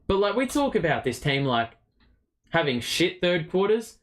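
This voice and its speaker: Aussie guy doing fan play by play on a stream, kinda high voice, swears a lot, gets loud on big plays. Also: very animated, normal speed. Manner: partisan, swears, rises to shouts on big plays. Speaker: host of a fan watchalong stream.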